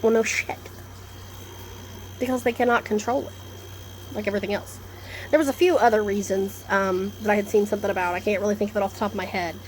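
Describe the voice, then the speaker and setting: With a storm approaching outside, a woman talks indoors in a mid-range voice, fast but with long pauses, over slight background noise. Her vlog monologue is a blunt, profane, animated ramble that skips from one subject to another.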